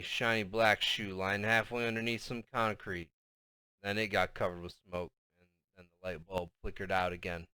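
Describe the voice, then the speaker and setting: A man narrating a novel in the first person with a bright, crisp voice in a dry, close recording. His storytelling is expressive, sinking soft and low when the tension builds. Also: no echo. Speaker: audiobook narrator.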